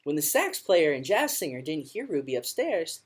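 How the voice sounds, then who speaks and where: A woman music teacher reading a children's picture book aloud to her class in an expressive storytelling manner. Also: low voice, moderate pace, breathy edge.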